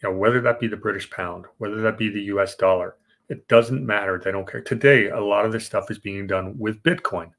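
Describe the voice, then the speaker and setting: A man's voice: on the low side, brisk, gravelly, fairly bright tone. A man hosting a podcast, explaining financial history in a casual, rambling way with fillers and restarts. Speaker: podcast host. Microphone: remote podcast setup.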